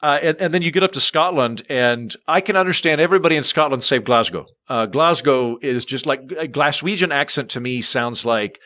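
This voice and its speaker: An American man, a comedian, chatting as a podcast guest in an animated, rambling, jokey way. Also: mid-range voice, a little fast, few pauses. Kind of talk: casual chat.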